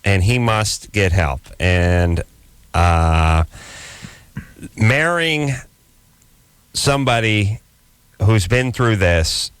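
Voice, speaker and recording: A male radio host with a lowish voice, cracking sarcastic jokes in a loose, casual call-in chat. His voice sounds dry and close. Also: extremely slow, pauses often, a bit bright, smooth, dry recording. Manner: sarcastic, joking.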